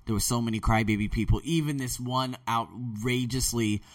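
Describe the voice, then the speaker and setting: A man's voice: medium pitch, fairly even intonation, moderate pace, no echo, far from the mic. A man hosting a podcast, rambling energetically through a blunt motivational monologue. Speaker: podcast host.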